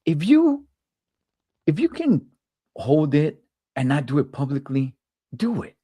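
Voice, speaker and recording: A man hosting a casual talk show, animated and repeating himself when worked up. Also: fairly high pitch, a little slow, husky, no echo. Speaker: podcast host. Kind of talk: casual opinion chat.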